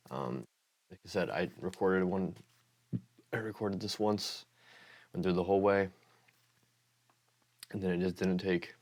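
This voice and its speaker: Low gravelly man rambling casually. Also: a little slow, pauses often, a little mellow. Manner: rambling, hesitant, many fillers. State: voice sounds off. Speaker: ASMR channel host. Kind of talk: casual ASMR channel reviews. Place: room with Pokemon items.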